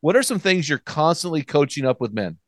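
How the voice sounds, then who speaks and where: A man with a fairly high voice hosts a casual talk. He asks his questions loosely and backs his guest with quick agreement. The sound is dry and close. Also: big pitch swings, dry recording. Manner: affirming, quick agreeing interjections. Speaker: podcast host. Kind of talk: casual interview chat.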